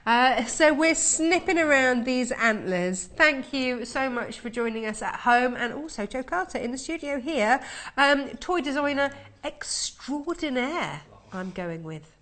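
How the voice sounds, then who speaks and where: A woman's voice: sits high, lively intonation, a little slow, few pauses, fairly bright tone. Chatty woman presenting live shopping TV. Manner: chatty, upbeat selling patter. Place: TV studio.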